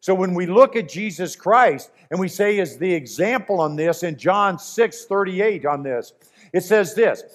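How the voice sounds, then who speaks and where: A man's voice: high-pitched, moderate pace. A man preaching a sermon in an earnest, emphatic way, repeating his key phrases.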